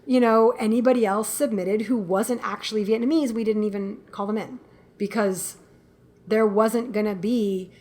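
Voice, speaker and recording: A woman guest filmmaker talking in a casual interview, animated and quick to laugh, acting out what people said. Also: mid-range voice. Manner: animated storyteller, laughs often, acts out quotes.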